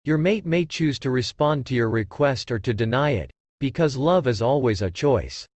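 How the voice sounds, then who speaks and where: A man giving a scripted narration of a book summary in a calm, measured reading voice. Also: medium pitch, dry recording.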